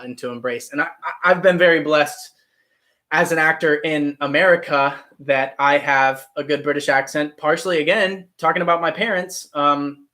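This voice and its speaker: A young man in his twenties chats on a live stream, answering viewer comments with easy, animated energy. His voice sits slightly high for a man. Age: 20s. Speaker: actor and channel host. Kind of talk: casual live-stream chat.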